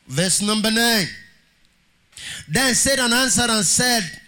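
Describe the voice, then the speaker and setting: A man's voice: high-pitched, lively intonation, a little slow, pauses often, sharp tone. A man preaching a sermon as pastor, reading scripture aloud in a sing-song cadence and calling on the congregation for amens.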